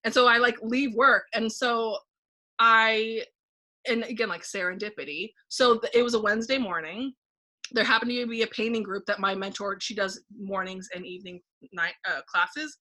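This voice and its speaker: A woman guest in a casual podcast conversation, telling a personal story in an animated way and acting out her own thoughts aloud, with frequent "like". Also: on the high side, normal speed. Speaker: podcast guest, painting facilitator.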